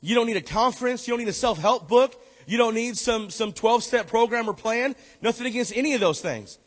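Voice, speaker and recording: A male pastor preaching a sermon, emphatic and repeating key phrases, and at times dropping low and soft for tender appeals. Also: a little fast. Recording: echoey hall.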